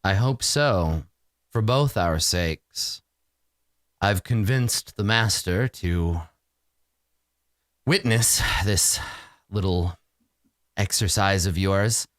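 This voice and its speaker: A man's voice: deep voice, drawn-out words, long pauses, fairly bright tone, dry recording, clean studio sound, voice pushed down, full character voice. Man doing a purring villainous mistress. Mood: menacing. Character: smug scheming noblewoman villain, cruel and purring.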